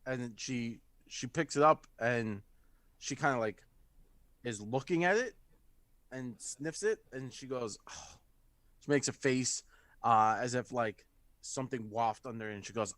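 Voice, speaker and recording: A man narrating as game master of a tabletop game, talking haltingly with many fillers. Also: medium pitch, fairly bright tone, no echo. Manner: halting, many fillers, puts on voices for non-player figures.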